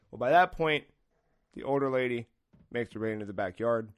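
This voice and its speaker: A man's voice: mid-range voice, a little fast, pauses often. A man hosting a podcast, telling a story in a casual, profane way and acting out the people in it. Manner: profane, animated, acts out quotes. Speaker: podcast host.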